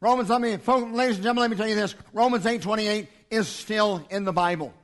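In a church, a man preaches a sermon in an impassioned, repetitive cadence, swinging between loud declarations and hushed lines. His voice sits high and moves fast.

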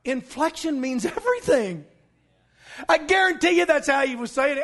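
A man preaching a sermon as pastor, emphatic and scornful, breaking into shouts. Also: very high-pitched, lively intonation, normal speed.

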